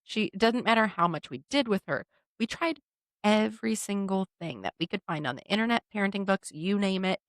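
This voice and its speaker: A woman co-hosting a casual podcast, telling stories about her young children. Her mid-range voice swoops up and down as she acts out what people said. The sound is close and dry, with no room echo. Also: mid-range voice. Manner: animated storyteller who acts out quotes. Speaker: podcast co-host; mother of two young children.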